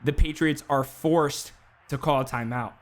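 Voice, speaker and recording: A man calling play-by-play for a simulated football game on a live stream, talking fast between plays with casual asides. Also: fairly high pitch, steady tone. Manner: rapid play-by-play, filler-heavy asides. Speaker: play-by-play commentator. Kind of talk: esports sim football commentary.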